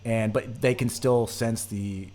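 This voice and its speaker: A man from the United States chats as a podcast guest in an easygoing, rambling way. His pitch sits in a middle range. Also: fairly even intonation, slow pace, darkish tone. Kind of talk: casual podcast chat.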